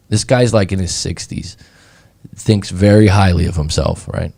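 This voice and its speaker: A man from California, a breakup coach hosting a show, chatting casually and telling stories in an animated way. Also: low voice, normal speed, creaky, no echo. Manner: animated, conversational, acts out anecdotes. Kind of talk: casual chat, storytelling.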